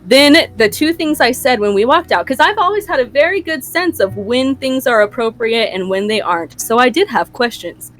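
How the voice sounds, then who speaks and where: A woman's voice: fairly high pitch, animated, normal speed, hardly any pauses, soft background music. A young woman hosting a podcast, telling a story in casual chat with profane, laughing asides. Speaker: podcast host.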